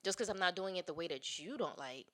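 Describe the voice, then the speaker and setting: A woman's voice: on the low side, animated, fast. A woman on a casual podcast, telling a workplace story in a blunt, profane way. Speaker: podcast co-host.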